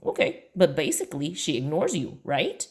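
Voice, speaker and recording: Storybook mom, calm and wry, teasing her son, read by a woman, deep-set voice with lively turns. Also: moderate pace, exaggerated voice. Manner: dry, gently teasing. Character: calm teasing mother, middle-aged. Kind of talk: children's book read aloud.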